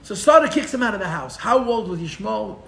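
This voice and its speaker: A man teaching a live Torah class as a rabbi, telling the story with animated, sarcastic humor and mixing in Hebrew and Yiddish terms. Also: sits high, a little fast, gravelly, echoey room. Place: room for a live-streamed class.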